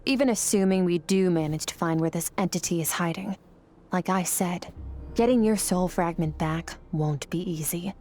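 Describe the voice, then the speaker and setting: A woman's voice: fairly low pitch, a little hiss or hum, close to an everyday voice. Skirk, a woman voicing a stern sword master. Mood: composed. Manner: calm, measured, matter-of-fact. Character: cool, stern female sword master, young adult. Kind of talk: game voice acting.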